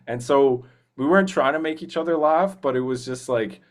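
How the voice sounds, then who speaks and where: A man's voice: mid-range voice, moderate pace. A young man, a voice actor as a guest, chatting enthusiastically and rambling with lots of fillers. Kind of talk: casual interview chat.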